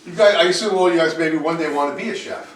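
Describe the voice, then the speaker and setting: A man's voice: on the high side, fast talker. A man teaching a cooking class to students, repeating himself and restarting his sentences, with the odd bold exclamation. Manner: repetitive, restarts often, switches to bold exclamations. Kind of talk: classroom lecture. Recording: echoey classroom, distant mic, faint hiss.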